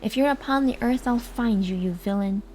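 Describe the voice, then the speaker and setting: A woman's voice: on the high side, normal speed, darkish tone, slight background noise, lightly acted, low-quality recording. A woman voicing an angry, proud army colonel who blusters and scolds, as a whispered role-play. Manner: blustering, indignant.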